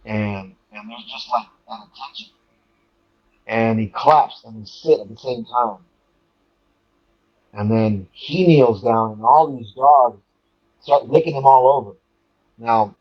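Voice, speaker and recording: A man telling a story as a guest in casual chat, animated and halting with many restarts and repeated words. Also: medium pitch, lo-fi sound.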